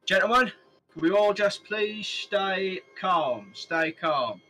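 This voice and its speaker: A man voicing a flustered middle-aged guard sergeant in a tabletop game who shouts orders at a crowd. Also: high voice, expressive, slow pace, faint music behind, voice pushed up, full character voice, low-quality recording. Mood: flustered commanding. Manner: shouting, bossy and pleading.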